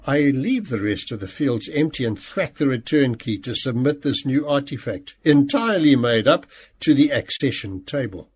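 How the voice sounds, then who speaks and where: A man narrating a novel in the first person, animated and playful. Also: medium pitch, moderate pace, slightly rough. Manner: animated, acts out quoted speech. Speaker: audiobook narrator.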